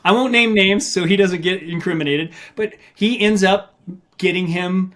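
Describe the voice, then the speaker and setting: Speaking at normal speed in a high voice, a middle-aged man tells stories during a podcast interview. He runs and coaches ultramarathons, and he's an animated storyteller who plays out what people said.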